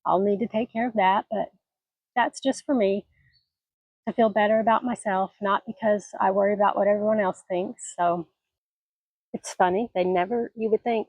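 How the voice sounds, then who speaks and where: A woman's voice: mid-range voice, fairly even intonation, normal speed, a little mellow, dry recording. Retired woman, 60s, a homestead vlogger: rambling, folksy chatter into a phone outdoors, slightly scratchy voice, dry close sound. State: scratchy voice from allergies. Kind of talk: casual vlog chat. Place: outdoors on a mountain homestead porch and garden. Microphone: phone camera.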